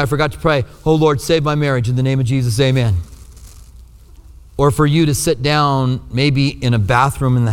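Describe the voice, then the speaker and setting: Earnest pastor guy preaching, kinda high voice, goes loud then hushed, big echoey hall. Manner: earnest, swings between strong and hushed. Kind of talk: sermon.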